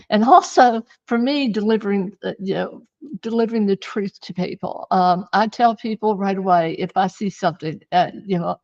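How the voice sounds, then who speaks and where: A woman's voice: mid-range voice, darkish tone, dull audio. A woman guest speaking frankly and earnestly in a casual interview over a video call, often repeating words. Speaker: guest psychic reader.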